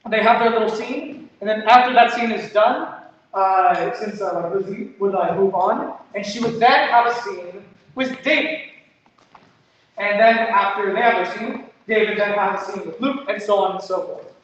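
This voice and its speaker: A man's voice: extremely high pitch, fairly bright tone, slight background noise. A man hosting a student improv show, explaining the next game in a rambling, self-correcting way with many fillers. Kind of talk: explaining an improv format to an audience. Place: theater stage. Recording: echoey muffled stage from far off.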